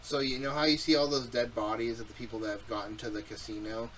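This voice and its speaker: A young man co-hosting a casual podcast, loud and profane, teasing his co-host and telling animated stories. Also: medium pitch, quick pace, recorded from a distance, rough recording.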